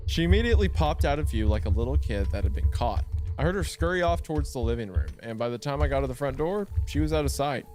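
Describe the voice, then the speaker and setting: A man's voice: medium pitch, expressive, fast talker, darkish tone, soft background music. A man co-hosting a podcast, chatting casually, laughing easily, and reading a creepy story aloud.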